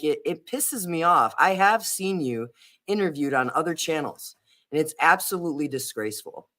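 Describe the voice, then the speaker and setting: A man's voice: on the high side, sharp tone. A man hosting a casual livestream chat, talking earnestly and hesitantly with many fillers and restarts. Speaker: livestream host.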